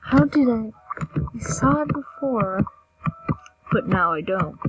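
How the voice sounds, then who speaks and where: A woman's voice: a little high, lively intonation, takes it slowly, highs cut off, slight background noise. A young woman giving casual, chatty commentary over a game she is playing, mocking herself and now and then dropping into a whisper. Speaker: gameplay video maker.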